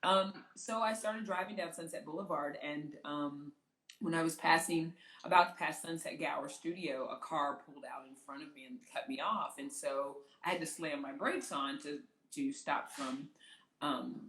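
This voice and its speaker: A woman, an entertainment journalist, telling a personal story in conversation as an interview guest, acting out what others said with lively energy. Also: low voice, moderate pace, roomy sound, rough recording. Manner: animated, vividly re-enacts the voices of others.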